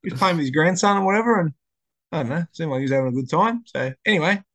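A man's voice: a little high, animated, very fast, fairly bright tone. A young man in casual chat, a rambling storyteller full of slang and restarts.

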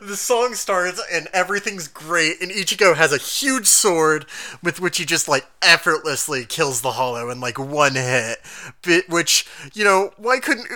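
Bright, animated man recapping with laughs. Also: fairly high pitch, no echo. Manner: animated, laughs often, quotes characters in quick asides. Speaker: podcast co-host. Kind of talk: casual chat recapping an anime episode.

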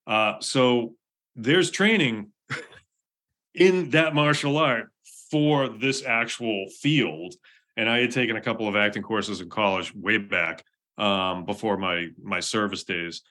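A man's voice: on the low side, slow pace, pushed and bright. A man, an actor, talking as an interview guest, earnest and reflective, often restarting and laughing. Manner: reflective storytelling. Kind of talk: casual conversational interview.

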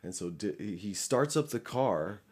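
A man's voice: lowish voice, expressive, unhurried, breathy edge. A young man telling a story casually and animatedly, full of fillers, restarts and swearing. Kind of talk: casual anecdote.

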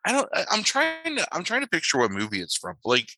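Animated man with bright, lively voice. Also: high-pitched, fast, dry recording, poor audio. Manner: animated storyteller, swears casually, acts out voices. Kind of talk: casual chat.

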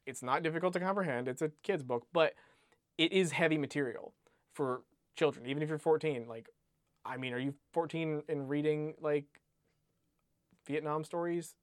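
Guy chatting about a book, kinda high voice, rambly and animated, dry close mic. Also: moderate pace, dry recording. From United States. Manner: rambling, animated, frequent "like" and restarts, swears casually. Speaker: podcast co-host discussing a book. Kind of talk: casual chat.

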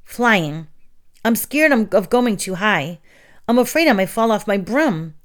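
A woman's voice: mid-range voice, animated, unhurried, natural voice. A woman voicing an eleven-year-old girl witch who is anxious and complaining.

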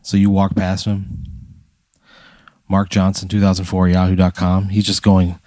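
A man with a very low voice narrates a tall hypothetical tale with mock gravity, addressing his listener as "you". He builds the scene deliberately on a comedy podcast. The recording is dry and close. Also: monotone, dark tone, no echo. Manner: spins a dramatic second-person hypothetical. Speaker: podcast co-host. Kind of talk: comic storytelling.

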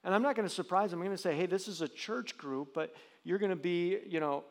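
A man's voice: high voice, quick pace, big-room sound. A man preaching a sermon as pastor, earnest, with frequent restarts and rising emphasis.

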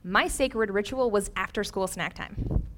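A young woman preaching a sermon, telling a personal story with lively, animated voices for the people she quotes. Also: medium pitch, a little slow, slight background noise.

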